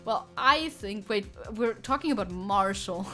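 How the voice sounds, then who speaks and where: A woman streamer talks through a video game in a loose, chatty way, correcting herself as she thinks aloud. Her voice sits at an everyday middle pitch, and faint game music plays underneath. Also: lively intonation, takes it slowly, sharp tone. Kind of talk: casual game-stream commentary.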